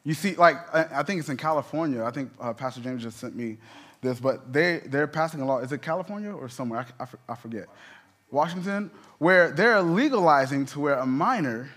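Male pastor, slightly high pitch, conversational sermon with emphatic peaks. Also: animated, fairly quick, a bit bright.

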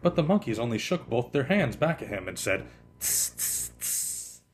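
A man hosting a podcast, reading a children's picture book aloud in an expressive way that slows down for effect. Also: medium pitch. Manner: expressive, lively, slowing for effect.

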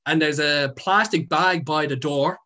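Rambling young Irish man, slightly high voice. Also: measured pace, sharp tone. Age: young adult. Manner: rambling, lots of fillers and swearing. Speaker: guest, content creator. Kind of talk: casual storytelling.

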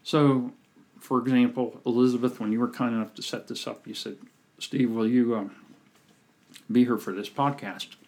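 A man with a slightly husky, breathy voice coaches on a podcast. He tells his stories in a relaxed, conversational way. He brings them to life by playing the people he quotes. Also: medium pitch, moderate pace. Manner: animated storyteller, acts out quoted people. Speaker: podcast guest, communication coach. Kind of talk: casual storytelling chat.

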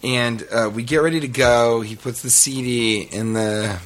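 A podcast co-host, male, tells a long, rambling story full of swearing and jokes at his own expense. His voice is medium in pitch and a bit bright, with fairly even intonation and normal speed, and there's a little hiss or hum in the background.

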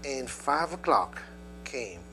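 A male preacher delivering a sermon, telling a story and calling out to the congregation in an animated way. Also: medium pitch, slow pace, music in the background.

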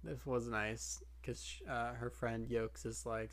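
Laid-back female co-host with a very deep voice; dry, casual anime recap chat. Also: steady tone, a little slow. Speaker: podcast co-host.

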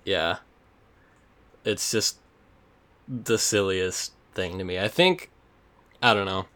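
A man's voice: deep voice, takes it slowly, a bit bright. A young man chatting casually as a podcast co-host, rambling with many fillers. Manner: rambling, laid-back, frequent fillers. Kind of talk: casual chat.

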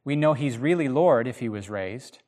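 A man teaching the Bible in a casual podcast chat, animated and emphatic, with frequent restarts. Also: mid-range voice, moderate pace.

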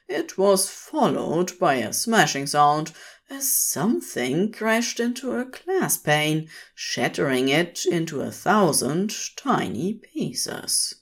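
A woman reading fan fiction aloud as a podfic, with expressive storytelling. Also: fairly low pitch. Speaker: podfic reader.

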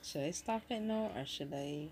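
A woman with a low, lively voice chats as a co-host, mostly giving quick reactions and short questions. She sounds casual and relaxed. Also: very noisy. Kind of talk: casual chat.

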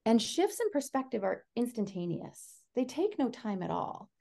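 Woman, education researcher as interview guest; gravelly, earnest, filler-heavy delivery. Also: a little high, normal speed. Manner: animated storyteller. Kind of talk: casual interview conversation.

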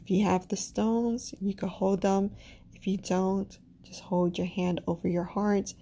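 A woman with a Caribbean accent hosting a podcast, leading spiritual affirmations slowly and calmly and saying each one twice, sometimes dropping to a soft whisper. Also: medium pitch, slight background noise. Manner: slow, calm, repeats each affirmation twice. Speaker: podcast host.

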